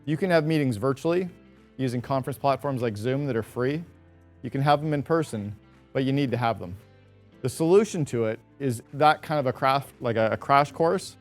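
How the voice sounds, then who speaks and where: A man's voice: mid-range voice, normal speed, faint music behind. A man giving a motivational business talk to a live audience, direct and emphatic, with punchy short lines. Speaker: speaker addressing an audience.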